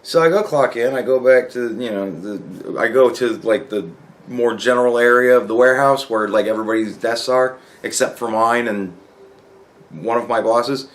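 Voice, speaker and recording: A man's voice: medium pitch, normal speed. A young man telling a work story in a casual, profane rant, acting out the dialogue. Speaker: vlogger.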